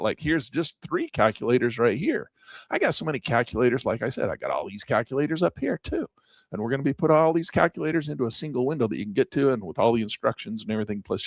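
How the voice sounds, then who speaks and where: A man's voice: medium pitch, no echo. Guy walking thru his investing calculators, voice jumps all over, super dry close mic. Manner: animated, repetitive, self-mocking asides. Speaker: finance educator. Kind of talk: casual screen-share tutorial.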